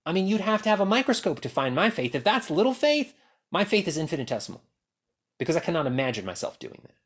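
A man preaching a sermon, acting out quoted voices and dropping to a hush at key lines. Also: on the high side, fast, slightly rough. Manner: animated, acts out quotes and swings from loud to hushed. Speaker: pastor.

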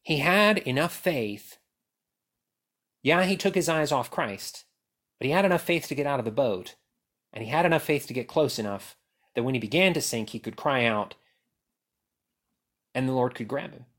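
A man preaching a sermon, acting out quoted voices and dropping to a hush at key lines. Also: mid-range voice, moderate pace, long pauses. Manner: animated, acts out quotes and swings from loud to hushed. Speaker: pastor.

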